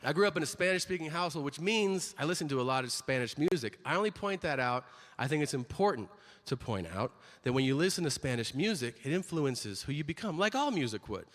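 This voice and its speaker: A man's voice: a little high, big pitch swings, fast, fairly bright tone. A middle-aged man performing a stand-up comedy set, telling crude stories and acting out other people's voices. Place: large venue stage before an audience. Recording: reverberant hall with faint crowd ambience.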